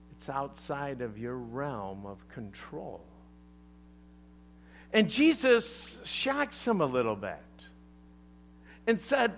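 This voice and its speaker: Slow, animated male preacher. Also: medium pitch, a little hiss or hum. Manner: emphatic, animated preaching with deliberate pauses. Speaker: pastor. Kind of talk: sermon.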